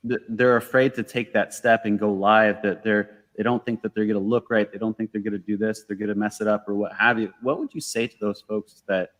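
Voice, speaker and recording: A male host with a somewhat low voice asks his guest questions over a video call. He speaks thoughtfully, stumbling and repeating words as he begins his sentences. His voice carries a long reverberant tail. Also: little pitch movement, brisk, hardly any pauses. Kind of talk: live video interview. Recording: reverberant room.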